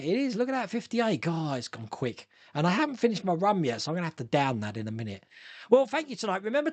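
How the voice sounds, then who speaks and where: A man's voice: a little high, a little mellow, dry recording. A middle-aged man hosting a casual live stream, chatting, laughing often, and reading viewer comments aloud. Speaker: host.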